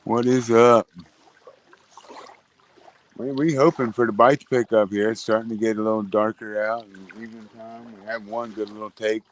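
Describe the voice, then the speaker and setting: Easygoing joking man, lowish voice. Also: flat delivery, normal speed. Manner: joking, laughs often, easygoing. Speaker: fishing vlogger. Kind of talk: casual outdoor fishing chat. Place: outdoors by a river.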